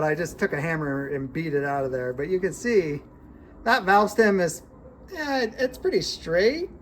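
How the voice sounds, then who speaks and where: A small engine repair technician giving a casual hands-on walkthrough in a repair shop, relaxed and plain-spoken, thinking aloud while working. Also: medium pitch, moderate pace, slight background noise.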